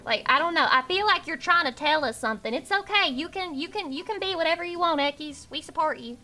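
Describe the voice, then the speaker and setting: A woman's voice: sits high, expressive, brisk, sharp tone. A young woman streaming live, chatting with her viewers in a profane, teasing rant while underslept. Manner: profane, ranting, teasing chat. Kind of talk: casual livestream chat.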